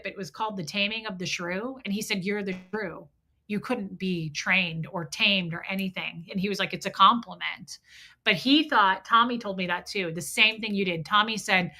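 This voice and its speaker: A woman hosting a livestream, telling a story in a blunt, profane, animated way and acting out both sides of old arguments. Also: medium pitch. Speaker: host.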